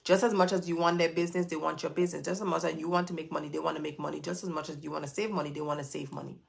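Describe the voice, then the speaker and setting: A woman talks straight to her live viewers, chatty and direct. Her voice has a gravelly creak running through it. She sounds middle-aged and at ease. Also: low-pitched, flat delivery, racing. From Florida. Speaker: host of a live stream Q&A. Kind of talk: casual live stream Q&A.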